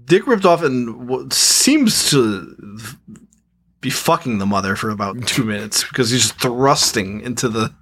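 A man's voice: mid-range voice, lively intonation, measured pace, fairly bright tone, breathy edge. Enthusiastic man in casual podcast banter. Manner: swearing, enthusiastic, laughs often. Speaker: podcast co-host. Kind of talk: casual chat reviewing a movie.

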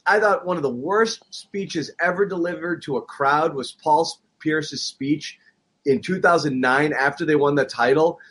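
A middle-aged man chats about sports on a podcast in a husky, slightly higher voice. He tells stories with energy and acts out the quotes he retells. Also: measured pace. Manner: animated storyteller, acts out quotes. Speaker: podcast co-host. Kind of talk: casual sports chat.

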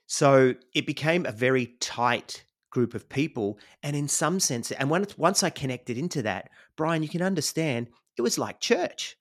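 A man's voice: mid-range voice, lively intonation, moderate pace, few pauses. A middle-aged Australian man, a podcast guest, telling his life story in a reflective, rambling way, with frequent "you know"s. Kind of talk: conversational storytelling.

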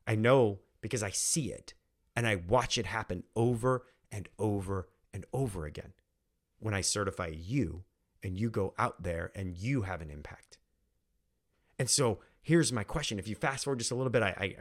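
Earnest guy talking about his work, fairly low voice, keeps repeating lines to hammer it home. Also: normal speed. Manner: earnest, emphatic, repeats phrases for emphasis. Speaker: podcast host and trainer. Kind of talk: personal storytelling monologue.

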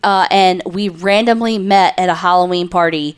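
A woman co-hosts a podcast in casual conversation. Her voice is smooth and clean. She talks in an easygoing way and drops wry little asides. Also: on the low side, moderate pace. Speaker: podcast co-host. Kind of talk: casual chat.

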